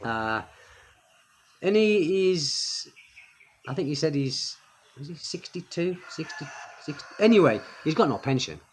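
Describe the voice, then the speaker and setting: A man with an English accent tells a story to camera in a casual vlog. His voice sits a little high and moves up and down a lot as he recounts things. He leans on repetition to drive his points home. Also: measured pace, long pauses, slight background noise. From England. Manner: animated retelling, repeats phrases for emphasis. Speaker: expat vlogger.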